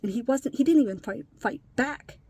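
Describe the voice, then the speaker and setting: A woman's voice: a little high, normal speed, darkish tone, slightly rough. A woman talking bluntly in a candid personal vlog, upset and emotionally worn, swearing casually. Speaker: vlogger.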